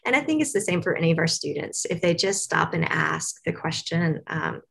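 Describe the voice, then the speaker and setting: A woman from Tennessee talks as a guest on a university interview show. Her voice sits somewhat low, and she rambles in a friendly way with plenty of fillers and small laughs. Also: expressive, a little fast, creaky, fairly bright tone, husky. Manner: chatty, rambling with many fillers, laughs often. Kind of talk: casual interview answers.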